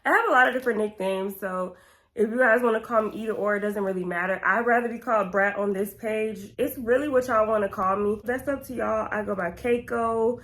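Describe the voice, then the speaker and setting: A woman's voice: mid-range voice, a little fast, a bit bright. A young woman. She chats candidly and casually to her viewers, answering questions about herself with plenty of slang. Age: 20s. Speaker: vlogger. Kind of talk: casual get-to-know-me Q&A.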